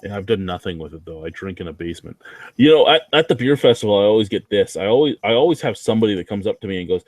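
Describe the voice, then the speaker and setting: A man's voice: lowish voice, expressive, very fast, no room sound. A man guesting on a casual chat, telling stories in a dry, self-deprecating, sweary way from a basement. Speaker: guest reviewer.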